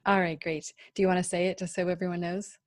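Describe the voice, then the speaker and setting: A woman's voice: fairly low pitch, little pitch movement, fast, no room sound, studio quality. A woman hosting a podcast interview, bubbly and chatty, laughing easily. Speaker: podcast host. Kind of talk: casual interview chat.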